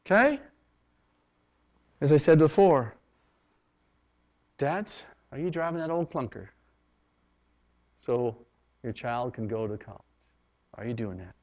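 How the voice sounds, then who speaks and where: A male Canadian pastor gives a sermon in a mid-range voice at a slow pace with long pauses. He swings from loud, emphatic lines to hushed ones, on a dull lo-fi recording.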